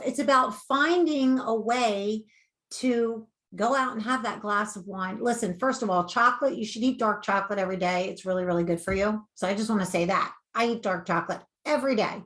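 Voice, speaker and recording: A woman coach giving earnest, animated advice in a conversational interview. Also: a little high, moderate pace. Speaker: weight-loss coach.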